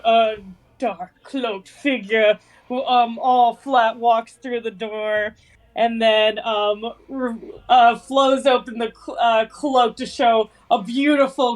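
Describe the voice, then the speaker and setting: A woman's voice: a little high, poor audio. A woman playing a tabletop game, describing her character hesitantly with many fillers. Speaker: player.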